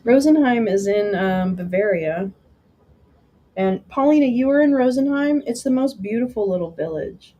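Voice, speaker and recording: A woman's voice: medium pitch, dark tone, poor audio. A woman hosting a live stream, chatting casually with viewers and answering their comments in a meandering way with frequent restarts.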